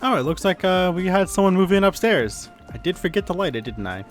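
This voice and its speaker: A slightly high-voiced man talks through his gameplay in a loose, rambling way, doubling back on his words and drifting off topic. Music plays clearly beneath his desk-mic commentary. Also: sing-song, brisk. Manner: rambling, self-correcting, easily distracted. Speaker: gaming YouTuber. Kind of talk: casual let's-play commentary. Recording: background music.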